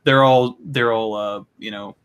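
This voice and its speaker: A man on a podcast rambling through an anime recap, swearing often and clearing his throat. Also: fairly low pitch, fairly even intonation, unhurried, fairly bright tone. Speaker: podcast co-host. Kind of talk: casual chat.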